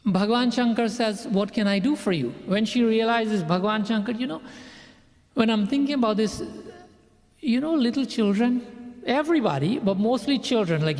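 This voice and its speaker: High-voiced man telling a sermon story. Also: a little mellow, big-room sound. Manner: acts out characters' lines in the story. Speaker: pandit giving a sermon.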